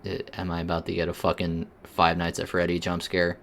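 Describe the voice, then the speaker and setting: A man giving crude, mocking commentary while playing a video game, breaking into sudden yelps and shouts. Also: sits low, monotone, a little fast, very noisy. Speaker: gaming streamer. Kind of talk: profane let's-play commentary.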